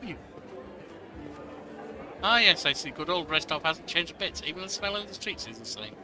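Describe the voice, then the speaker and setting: A man's voice: on the high side, sing-song, normal speed, sharp tone, some chatter behind, slight background noise. A man commenting on his game playthrough, reading text aloud with playful asides. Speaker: gamer. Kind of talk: let's-play commentary.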